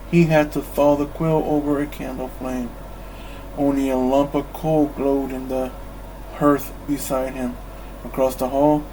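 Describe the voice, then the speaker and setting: A calm man reads a bedtime story at a very slow, unhurried pace. His voice sits at an ordinary pitch, with a faint hiss of background noise. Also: rough recording. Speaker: storybook reader.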